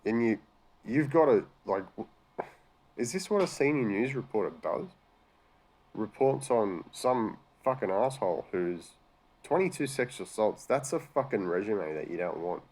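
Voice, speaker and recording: In a husky, darkish voice on the low side, an Australian commentary host sarcastically reacts to news stories, cursing freely. He sounds exasperated and animated, keeping a moderate pace.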